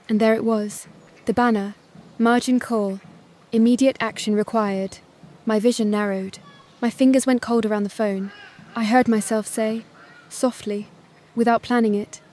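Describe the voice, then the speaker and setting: A woman narrating a first-person family drama story in a calm, measured voice. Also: a little high.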